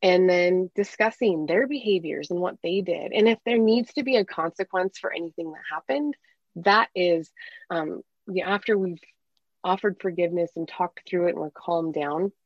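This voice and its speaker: A woman's voice: lowish voice, normal speed, dry recording, dull audio. A woman working as a parenting coach, explaining earnestly in a conversational interview and acting out bits of dialogue.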